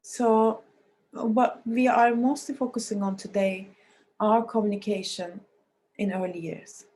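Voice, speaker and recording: Woman lecturer with a scratchy, mellow voice. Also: mid-range voice, fairly even intonation, unhurried. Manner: explanatory, with frequent restarts and non-native phrasing. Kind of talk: recorded university lecture.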